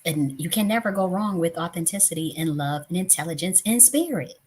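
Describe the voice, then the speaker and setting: A woman's voice: fairly low pitch, expressive, fairly quick, a little mellow, slight background noise. A woman in her thirties hosting a tarot live stream, talking casually and bluntly with profanity, often getting worked up. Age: 30s.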